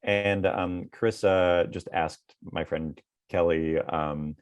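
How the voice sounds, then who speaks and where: A man's voice: deep voice, fairly even intonation, takes it slowly, smooth, dry recording. A man in his thirties, a comedy writer, answering interview questions in a rambling way full of fillers.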